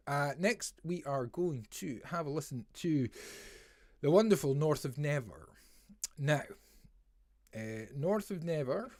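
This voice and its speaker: A man's voice: mid-range voice, darkish tone, no echo, studio quality. A man hosting a music review livestream in a rambling, jokey way, full of "eh" fillers. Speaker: podcast host reviewing songs. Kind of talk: casual livestream chat.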